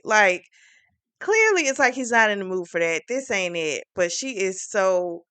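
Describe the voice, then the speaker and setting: A woman reviewing a book series, retelling the plot in a chatty, animated way with plenty of fillers. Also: mid-range voice, a little slow, smooth, dry recording.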